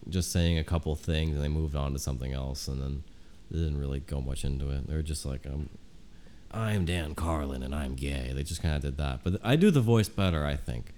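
Low-voiced rambling male podcast host. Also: quick pace, mellow, a little hiss or hum. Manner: rambling with lots of fillers. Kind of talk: casual comedic chat.

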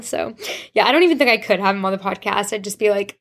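Hosting her podcast alone, a young woman bubbles over with a casual update, gushing and wandering off track while saying "like" again and again. She speaks fairly quickly in a mid-range, somewhat bright voice.

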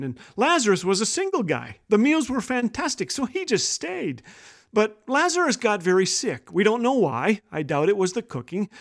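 A man hosting a humorous devotional radio talk, telling funny stories before an earnest point. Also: high-pitched. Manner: jokey, warm storyteller turning earnest. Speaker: host.

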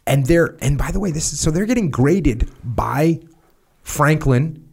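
A man's voice: on the high side, expressive, measured pace, vocal fry, husky. A man hosts a podcast, reading a soldier's memoir aloud. He breaks off in a conversational tone to explain details to his listeners before picking the story back up. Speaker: podcast host.

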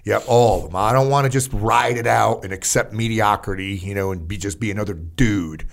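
Gravelly older man telling war stories. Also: on the low side, a little fast. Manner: profane, animated storyteller with many fillers. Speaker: guest, army veteran. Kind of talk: casual storytelling interview.

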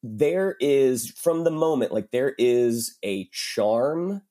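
A man's voice: medium pitch, expressive, slow, warm tone. A man, an actor and writer, guesting on a film podcast and talking thoughtfully with lots of fillers. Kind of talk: casual film discussion.

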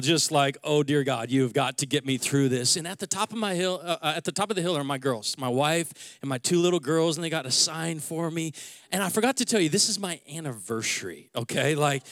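A man in his forties, a pastor praying and then telling a personal story in a conversational, animated sermon. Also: fairly high pitch, no echo, clean studio sound. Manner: conversational and animated, with many restarts.

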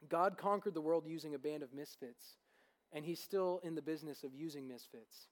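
A man's voice: on the high side, brisk. A young man preaching a sermon as pastor, earnest and growing fervent. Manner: earnest, building to fervent enthusiasm.

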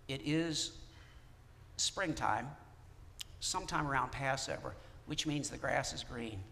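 A man preaching a sermon in a conversational, animated way, with casual asides to the congregation. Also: mid-range voice, gravelly, a little hiss or hum. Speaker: pastor. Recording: long reverb of a church hall.

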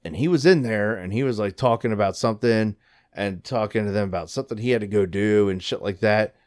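A man in his thirties telling a story in casual chat, profane and excited, jumping into high voices when quoting people. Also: a little fast.

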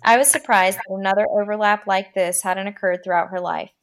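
A woman podcast host reading a horror story aloud, with a dramatic delivery that slows down for the creepy lines. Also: medium pitch, fairly even intonation.

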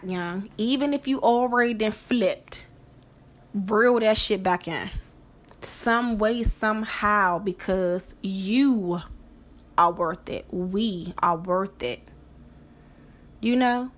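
Slow, gravelly woman ranting. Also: medium pitch. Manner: profane, emphatic, repeats phrases for effect. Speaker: podcast host. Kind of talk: casual monologue.

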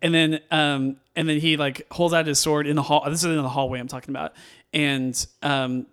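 Man for a casual podcast, higher-pitched, gushing, rambles with lots of fillers. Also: little pitch movement, normal speed, a bit bright, smooth. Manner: enthusiastic, rambling with many fillers and restarts. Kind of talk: casual movie discussion.

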